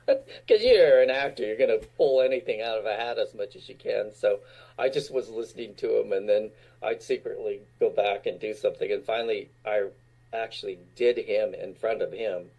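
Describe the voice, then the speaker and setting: Guest actor, sixties, from Utah: husky, low voice, laid-back anecdotes punctuated by laughter. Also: male voice, moderate pace, a little mellow. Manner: laughs often while recounting stories. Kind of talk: casual storytelling.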